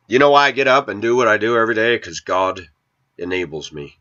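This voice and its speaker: A middle-aged man with a cold, sniffling as he goes, rants to camera as host of a video channel, scolding and preaching at his viewers in a combative way. His voice is lowish, brisk, bright and forceful, with lively intonation. The recording sounds dull and lo-fi.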